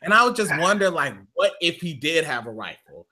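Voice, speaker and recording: A man's voice: a little high, big pitch swings, brisk. A man co-hosting a live talk show, telling a profane comedic story and acting out the quotes in his own voice. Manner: loud, profane, acts out quotes in shifting voices. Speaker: radio show co-host.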